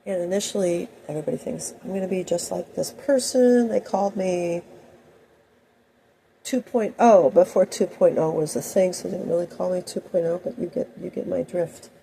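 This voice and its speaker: Gravelly-voiced woman telling a rambling story. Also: fairly low pitch, moderate pace, warm tone, slight background noise, rough recording. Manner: rambling, anecdotal, many asides. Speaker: host. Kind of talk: personal storytelling monologue.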